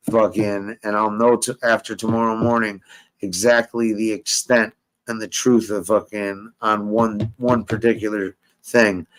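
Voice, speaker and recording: A man's voice: fairly low pitch, low-quality recording. A man hosting a casual talk stream, profane and emphatic, repeating himself as he vents. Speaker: show host. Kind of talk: heated casual chat.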